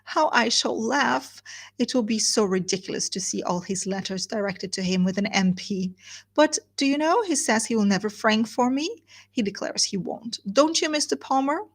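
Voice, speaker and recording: A woman's voice: on the high side, expressive, normal speed. A woman reading aloud and voicing a cheerful, silly young wife who talks with bubbly enthusiasm. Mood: gushing.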